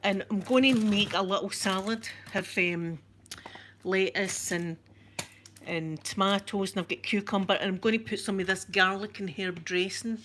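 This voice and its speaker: A Scottish woman vlogger chatting casually with her viewers, talkative and quick to laugh at herself. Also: medium pitch, fairly even intonation, a bit bright, a little hiss or hum. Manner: chatty, laughs often, self-mocking. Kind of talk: casual live-stream chat.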